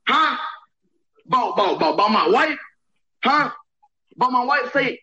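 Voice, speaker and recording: Bright-voiced man on a profane rant. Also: very high-pitched, very animated, normal speed, long pauses, breathy edge, highs cut off. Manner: profane ranting, repeats himself, shouts at times.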